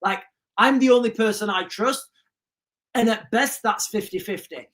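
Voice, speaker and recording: A woman's voice: fairly high pitch, moderate pace. A woman hosting a livestream, reading viewer comments aloud and answering them in a sarcastic, emphatic way, often repeating her key lines. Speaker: livestream host.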